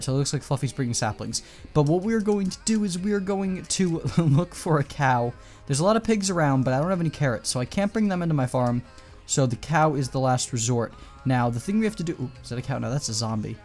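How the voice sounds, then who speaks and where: Casual male gameplay commentator, chatty and rambling, mid-pitched, with faint music under him. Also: expressive, fast, darkish tone. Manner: chatty, rambling, coaxing in-game animals.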